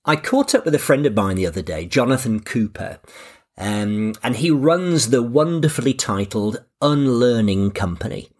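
A man hosting a podcast. He speaks in a relaxed, anecdotal and self-deprecating way. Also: mid-range voice, normal speed. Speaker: podcast host. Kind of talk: scripted podcast narration.

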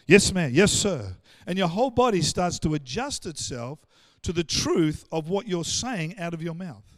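Animated high-voiced Australian male pastor. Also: normal speed, no echo. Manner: animated, acts out quoted voices, stammered restarts. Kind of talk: sermon.

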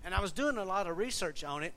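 Preaching with a high, fairly bright voice, a pastor moves at a quick, animated pace and keeps it conversational, frequently asking the congregation questions. There's slight background noise.

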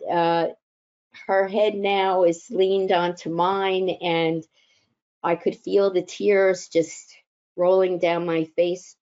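Woman chaplain, reflective storyteller, unhurried delivery, warm dark tone. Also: fairly low pitch, lo-fi sound. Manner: slow, gentle, reflective with filler pauses. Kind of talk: personal storytelling talk.

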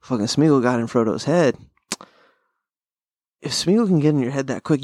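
A man's voice: mid-range voice, lively intonation, moderate pace, darkish tone, no room sound, clean studio sound. A young man hosting a podcast, chatting casually in a rambling, profane way, laughing often. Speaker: podcast host. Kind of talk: casual chat.

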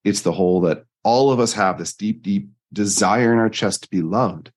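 A man, a life coach, telling personal stories in an earnest, animated interview style. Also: moderate pace. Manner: earnest, animated storytelling with jumps in pitch. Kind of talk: conversational interview storytelling.

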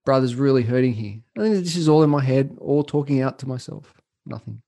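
A man shares his story as a podcast guest in a mellow, warm voice. He talks in an earnest, heartfelt way and pauses to reflect. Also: medium pitch. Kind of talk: storytelling interview.

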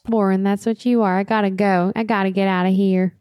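A woman's voice: mid-range voice, fairly even intonation, fairly quick, a little mellow, clear, resonant tone, no echo. A woman co-hosting a podcast, chatting casually in an emphatic, outspoken way. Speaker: podcast co-host. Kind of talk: casual chat.

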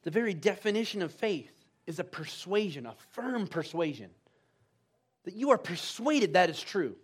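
A man's voice: sits high, sing-song, moderate pace, breathy edge. A man preaching a sermon in a church, emphatic and full of call-and-response urging.

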